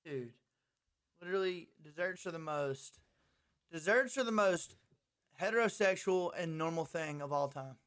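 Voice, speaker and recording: A young man co-hosting a casual podcast, laid-back and saying "dude" often, getting loud when riled up. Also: a little high, animated, normal speed. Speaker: podcast co-host.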